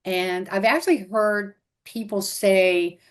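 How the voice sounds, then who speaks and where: A woman's voice: medium pitch, fairly even intonation, slow, clean tone. A woman interviewing a guest, thoughtful and asking questions with some fillers. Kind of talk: interview conversation.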